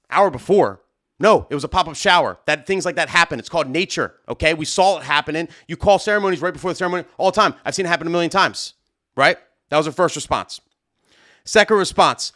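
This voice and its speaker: A young man telling a story on a live stream, fairly high-voiced and naturally loud. He plays out both sides of the argument with lots of animation. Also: fairly quick. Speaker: host.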